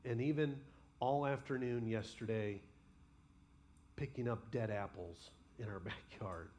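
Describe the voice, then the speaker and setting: A man preaching a sermon as pastor, passionately voicing honest prayers to God and then dropping to quiet, personal reflection. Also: mid-range voice, a little slow, slight background noise. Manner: impassioned, voices imagined prayers aloud.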